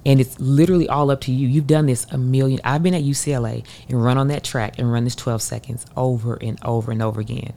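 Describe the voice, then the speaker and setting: A woman in her thirties from the United States, an Olympic hurdler telling a race story as an interview guest, acting out quotes with sudden leaps in pitch. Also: fast talker, creaky, few pauses, slight background noise. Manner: animated, acts out her own voice and others in quotes. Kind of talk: emotional storytelling.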